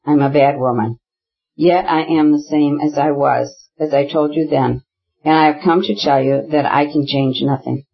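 A guilty young noblewoman, timid and hesitant, as an audiobook reader puts her on. The voice is a little husky, and the sound is dull and lo-fi. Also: mid-range voice, fairly even intonation, normal speed. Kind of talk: audiobook character reading.

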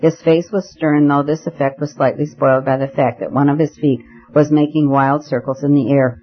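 A man narrating a story in a measured, even way as an audiobook reader. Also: fairly high pitch. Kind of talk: scripted narration. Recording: muffled lo-fi recording.

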